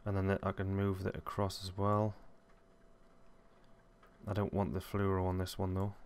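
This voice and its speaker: A man hosting a casual software tutorial, rambling and correcting himself as he thinks aloud. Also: sits low, completely flat delivery, normal speed, a little hiss or hum. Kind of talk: casual screen-recorded tutorial.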